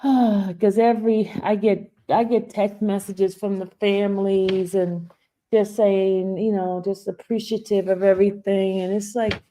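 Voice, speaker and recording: A woman's voice: mid-range voice, little pitch movement, a little slow, warm tone, slight background noise. A woman hosting a live stream, chatting casually and reading viewer comments, emotional and laughing through tears. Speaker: YouTube host.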